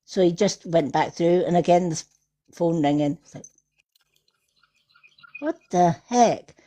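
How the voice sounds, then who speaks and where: Woman, lower voice, chatty storyteller for a live-stream scene. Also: steady tone, moderate pace, warm tone. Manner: chatty anecdotes with frequent laughter. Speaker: tarot reader hosting a live stream. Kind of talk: casual chat, storytelling. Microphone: phone or computer on a live stream.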